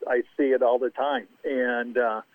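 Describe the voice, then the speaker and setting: A man's voice: mid-range voice, steady tone, unhurried, no room sound. Man over a tinny phone line. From American Midwest. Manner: anecdotal, chuckling, repeats words. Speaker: golf course architect. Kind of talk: casual storytelling interview.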